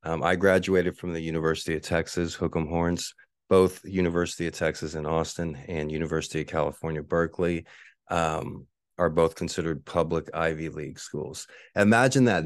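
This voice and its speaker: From his one-bedroom apartment, a man with a very low, deep voice hosts a solo podcast, ranting nonstop and profanely while mocking his neighbors in shrill imitations. The audio is dry and close, with no room echo whatsoever.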